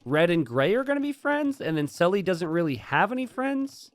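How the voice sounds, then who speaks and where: A man casting a strategy game, chatty and jokey, bursting into excited shouts and laughter. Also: sits high, normal speed. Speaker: game caster. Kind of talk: live strategy game commentary.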